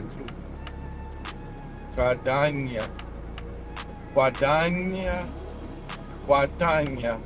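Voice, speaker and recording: A man in his forties with a high voice talks slowly and loosely from inside a car, muttering to himself and dropping slang as he sounds words out. Faint music plays behind him. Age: 40s. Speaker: vlogger. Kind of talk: casual chat while practicing languages.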